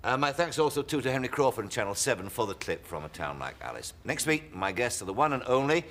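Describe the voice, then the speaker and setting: A man who hosts a television talk show, interviewing guests in a brisk, courteous way and closing the show. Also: mid-range voice, very animated. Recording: noisy studio with loud audience.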